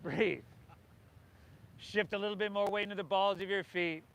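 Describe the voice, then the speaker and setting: High-voiced man leading yoga. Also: fairly even intonation, normal speed, gravelly, fairly bright tone. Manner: encouraging, calls out cues to the group. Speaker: yoga instructor. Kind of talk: guiding a yoga class. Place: outdoors by the ocean.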